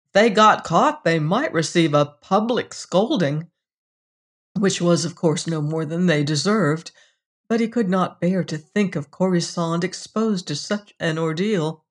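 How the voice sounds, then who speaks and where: A narrator reading a science fiction story in a calm, even manner. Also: mid-range voice, measured pace. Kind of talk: audiobook narration.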